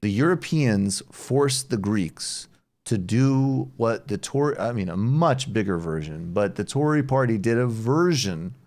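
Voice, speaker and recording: A man's voice: medium pitch, expressive, measured pace, darkish tone. A man hosting a political talk show, chatting loosely with a guest and using many fillers. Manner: loose, digressive, lots of "like" fillers. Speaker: podcast host. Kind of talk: political commentary chat.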